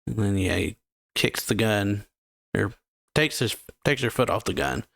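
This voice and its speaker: A man's voice: lowish voice, a little slow, vocal fry, fairly bright tone, no room sound, clean studio sound. A man hosting a reaction channel, casually recapping a manga chapter and reading its lines aloud, with rambling filler-heavy talk. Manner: rambling, filler-heavy, strings lines together with "and then, yeah".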